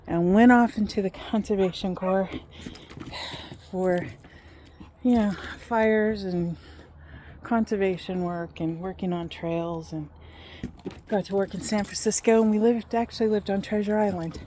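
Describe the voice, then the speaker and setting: A woman in her fifties casually telling a personal story, animated and acting out what people said. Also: mid-range voice, measured pace, pauses often, slight background noise. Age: 50s.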